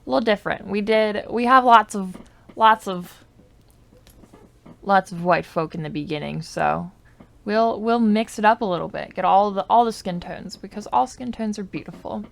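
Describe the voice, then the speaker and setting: A woman YouTuber giving casual, rambling commentary on her game, full of likes and I don't knows, sometimes dropping to soft muttered asides into a desk microphone. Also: mid-range voice, moderate pace, gravelly. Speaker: gaming YouTuber.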